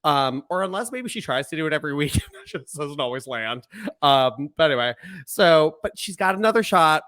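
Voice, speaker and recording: A man co-hosting a podcast in a loose, chatty way. His pitch swings widely and sits a bit high for a man, and he laughs often while acting out what the wrestlers say. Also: a little fast. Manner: animated, laughs often, acts out wrestlers' lines. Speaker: podcast co-host. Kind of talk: casual chat recapping wrestling.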